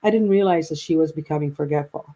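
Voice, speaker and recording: Woman in her fifties, guest, rambling storyteller; husky tone, restarts often. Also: low voice, quick pace, mellow, rough recording. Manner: rambling, with many restarts and quoted dialogue. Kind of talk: personal storytelling in a conversation.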